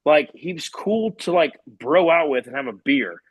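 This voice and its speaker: A man's voice: on the high side, expressive, measured pace, husky. A man from co-hosting a live sports show, talking in a profane, ranting way. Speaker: podcast co-host. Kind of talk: casual sports talk.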